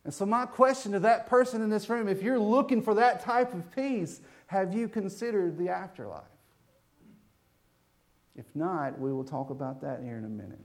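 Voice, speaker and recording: A man preaching a sermon, joking with the congregation in an animated way. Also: sits high, moderate pace.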